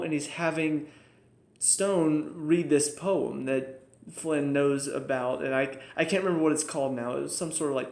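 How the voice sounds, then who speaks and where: A young man casually reviewing TV episodes, excitable and laughing often, his voice jumping up when enthused. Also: a little high. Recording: echoey room.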